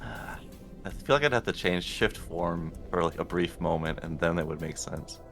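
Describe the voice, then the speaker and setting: Very deep-voiced man at a game table. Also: normal speed, gravelly, a bit bright, faint music behind. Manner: laughs often, chatty. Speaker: player.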